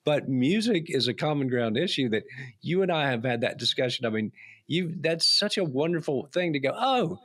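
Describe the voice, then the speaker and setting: A man's voice: mid-range voice, expressive, fairly quick, a bit bright, no echo. A man hosting a podcast, chatty and friendly, telling stories with restarts. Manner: friendly, rambling with restarts and laughs. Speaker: podcast host. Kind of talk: casual conversation.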